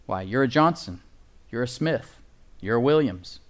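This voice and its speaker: A man's voice: mid-range voice, expressive, a little slow. A man preaching a sermon as pastor, emphatic and folksy, often asking the congregation for agreement and chuckling at his own points.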